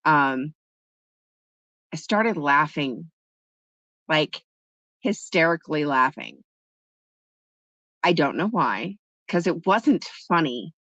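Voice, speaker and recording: A woman's voice: sits low, animated, slow pace, long pauses, fairly bright tone, no room sound. Chatty woman streamer, dull lo-fi sound. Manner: chatty storytelling, answering chat. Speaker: livestream host. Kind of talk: casual chat with live viewers.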